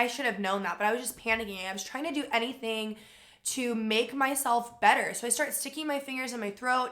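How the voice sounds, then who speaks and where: A young woman telling a personal story to camera in a casual, animated way, with lots of "like" fillers. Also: fairly high pitch. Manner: animated retelling with frequent "like" fillers.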